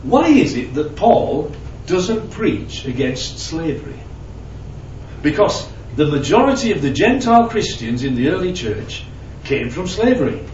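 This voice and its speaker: A man preaching in a relaxed, chatty way, checking in with his listeners and telling little stories. His voice sits a bit high and carries through a roomy hall. The recording is distant and dull, with faint ambience behind it. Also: a little slow, a little hiss or hum. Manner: conversational, asks the audience questions and tells anecdotes. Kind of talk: sermon.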